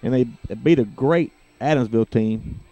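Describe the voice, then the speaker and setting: A man doing play-by-play for a high school football broadcast, relaxed and chatty with lots of fillers. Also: normal speed, dry recording, highs cut off, faint music behind. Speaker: play-by-play announcer.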